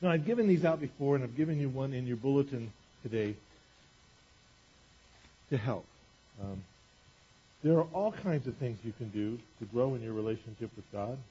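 A man's voice: medium pitch, moderate pace, long pauses, warm tone, slightly rough, lo-fi sound. A man preaching a sermon to a congregation in a church, talking in a conversational way with lots of "you know" asides, asking the room questions and teasing them. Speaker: pastor.

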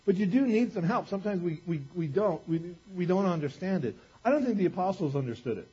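A man preaching a sermon in an animated, conversational way, acting out quotes as he goes. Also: sits high, fast talker, breathy edge. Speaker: pastor. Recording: dull lo-fi recording.

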